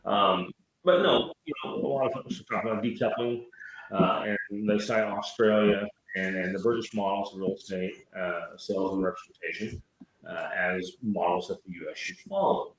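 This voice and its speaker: A man's voice: on the low side, normal speed, a little hiss or hum. A man co-hosting a talk show, chatty and full of fillers. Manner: chatty, many fillers like "you know" and "uh". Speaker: co-host. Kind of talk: casual talk show discussion. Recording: very echoey room.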